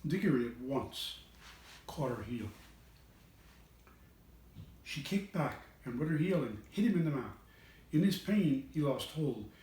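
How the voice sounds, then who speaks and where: Man, storybook reading, expressive, slightly high voice, roomy sound, away from the mic. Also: far from the mic. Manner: expressive, varies voice for characters. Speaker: reader of children's books. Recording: echoey room, away from the mic.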